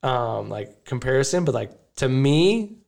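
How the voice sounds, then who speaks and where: A man's voice: medium pitch, sing-song, unhurried, creaky, a little mellow. A man in casual podcast chat, rambling and emotional. He laughs often and keeps circling back to his point in a mid-range voice. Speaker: podcast host.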